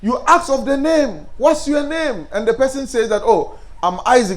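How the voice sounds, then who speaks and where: A man's voice: extremely high pitch, normal speed, few pauses. A man giving a lecture as an Islamic teacher, asking the class questions and answering them himself.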